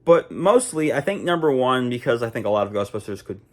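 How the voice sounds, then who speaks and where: A man's voice: mid-range voice, big pitch swings, fairly quick. A young man talking casually to camera, chatty and rambling with fillers and restarts. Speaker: vlogger.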